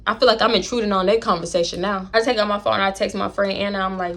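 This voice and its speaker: A woman's voice: mid-range voice, quick pace, few pauses, pushed and bright. Chatty woman spilling a story. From Houston, Texas. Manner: blunt, chatty, swears freely, talks straight to viewers. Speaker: storytime vlogger. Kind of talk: casual storytelling to camera.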